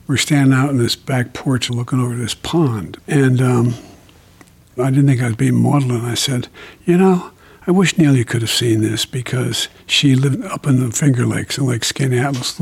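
An older man as an interview guest, speaking slowly and haltingly with many fillers while reflecting on grief. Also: medium pitch, darkish tone. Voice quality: gravelly, husky. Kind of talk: reflective conversation about grief.

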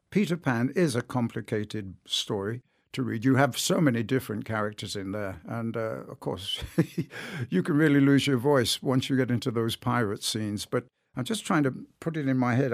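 A man speaks in an interview with eager enthusiasm and tells his stories in an animated way. His voice has a gravelly edge, and the sound is dry and close. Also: mid-range voice, normal speed, no echo. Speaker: audiobook narrator, guest. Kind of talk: interview conversation.

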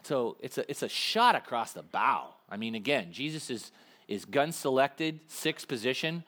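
A man preaching a sermon in a conversational, animated way, acting out little asides to the congregation. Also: medium pitch, moderate pace. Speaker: pastor.

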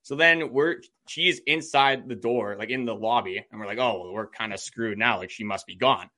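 A man co-hosting a podcast, telling a story in a casual, rambling way and quoting what he said. His voice is bright and forward at a mid pitch. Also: normal speed. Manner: chatty, many "like" fillers, quotes himself. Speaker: podcast co-host.

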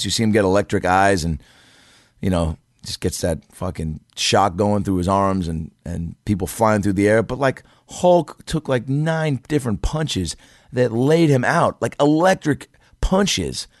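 A young man spins a long bar story in relaxed, profane talk. His voice sits low, and it jumps higher when he acts out what people said. The sound is dry and close, with no room around it. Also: a little slow, no room sound. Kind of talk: casual storytelling.

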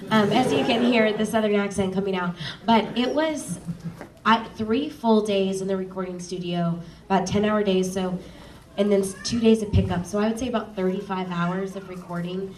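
A woman's voice: mid-range voice, steady tone, moderate pace, darkish tone. A woman who narrates audiobooks, chatting casually on a panel with many ums. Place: live event stage. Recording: roomy, distant mic, faint noise.

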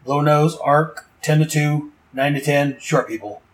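A man's voice: on the high side, fairly even intonation, a little slow, far from the mic, close to an everyday voice, rough recording. A man voicing a tough, laid-back male helicopter pilot in a put-on Australian accent, speaking in clipped commands. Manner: clipped call-sign commands.

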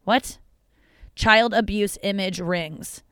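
A woman's voice: medium pitch, takes it slowly, a bit bright, clear, resonant tone, no echo. A woman podcast host talking in a casual, rambling way, full of swearing and self-deprecating tangents, recorded in her car.

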